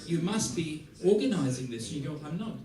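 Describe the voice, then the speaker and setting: Animated man teaching in a roomy hall. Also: on the high side, normal speed, distant mic. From Australia. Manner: lively, playful, acts out little scenes. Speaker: music teacher giving a masterclass. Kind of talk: masterclass talk. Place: large theater hall. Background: audience laughter.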